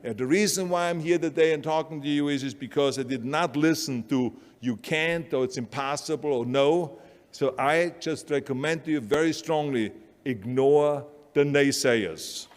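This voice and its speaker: A man's voice: fairly high pitch, moderate pace, big-room sound. An older man with an Austrian accent giving a blunt, emphatic motivational speech. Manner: emphatic, blunt, repetitive urging. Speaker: motivational speaker.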